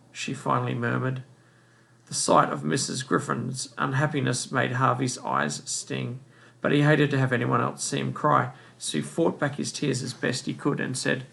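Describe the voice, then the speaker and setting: A man reading a novel aloud in a plain, unhurried way. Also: mid-range voice, gravelly, a bit bright. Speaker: reader.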